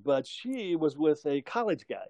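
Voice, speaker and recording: A man's voice: fairly high pitch, sing-song, measured pace, mellow, no room sound. An older man telling a long story in casual conversation, rambling, chuckling and correcting himself as he goes.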